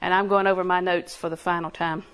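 A woman's voice: lowish voice, little pitch movement, quick pace, a bit bright, clean tone. A woman preaching a sermon in a conversational way, laughing often and building emphasis.

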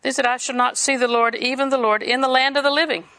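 A woman's voice: high voice, steady tone, fast, sharp tone. A woman preaching a sermon, reading scripture in a conversational way and laughing often.

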